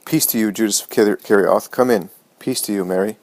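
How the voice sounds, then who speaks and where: A man reading as a grave, gentle mother. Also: dry recording, natural voice, poor audio. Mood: kind. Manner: slow, low, serious reproach.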